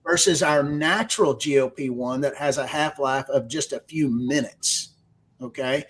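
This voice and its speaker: A man's voice: mid-range voice, normal speed, a bit bright, husky. A man with a Texas accent, a radio guest explaining technical science step by step. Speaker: guest, research executive. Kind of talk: explanatory interview answer.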